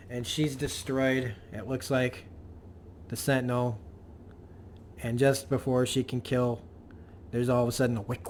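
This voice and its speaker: A man's voice: mid-range voice, little pitch movement, measured pace, long pauses, darkish tone, a little hiss or hum. A man casually recapping a comic book issue, rambling loosely with many fillers and restarts.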